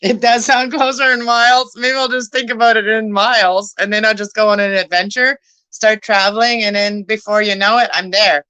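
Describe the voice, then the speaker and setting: A woman's voice: on the high side, steady tone, moderate pace, sharp tone, clean tone, no echo, poor audio. A young woman casually chatting with her viewers while she cleans at home, rambling and laughing as she goes. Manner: rambling, talks to viewers by name, laughs often. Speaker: vlogger chatting with live viewers. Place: home room at night.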